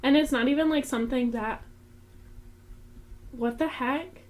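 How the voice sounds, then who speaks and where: A woman's voice: high voice, unhurried, darkish tone. A young woman co-hosting a podcast in casual chat, giggly and chatty with lots of "like". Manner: giggly, chatty, uses "like" often. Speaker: podcast co-host.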